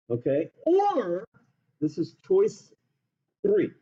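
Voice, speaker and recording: A male teacher giving a classroom lesson, teasing his students in a joking, animated way. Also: fairly high pitch, a little slow, pauses often. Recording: dull lo-fi classroom recording.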